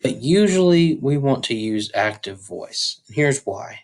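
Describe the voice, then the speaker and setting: A man's voice: medium pitch, sing-song. A man teaching a grammar tutorial, explaining step by step with a few fillers. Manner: slow, deliberate explaining with occasional fillers.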